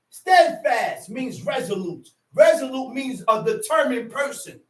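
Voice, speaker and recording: A man teaching scripture to a gathering with fiery passion, shouting, repeating phrases and prodding listeners with "huh?". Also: very high voice, lively intonation, unhurried, hardly any pauses. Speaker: teacher at a religious assembly. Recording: echoey room, mic far off.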